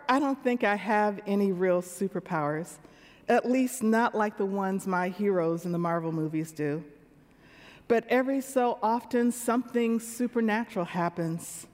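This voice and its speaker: A woman's voice: medium pitch, measured pace, darkish tone. Woman in her sixties preaching in a hall. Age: 60s. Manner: conversational, engaging the congregation. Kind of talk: sermon. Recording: long reverb of a large hall.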